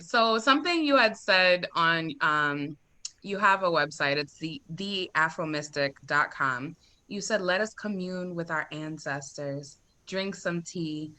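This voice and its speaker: An excitable woman hosts a casual podcast chat, gushing over her guest and laughing easily. Her voice sits a little low, with a bright, forceful edge. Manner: effusive, excitable, laughs often. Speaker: podcast host.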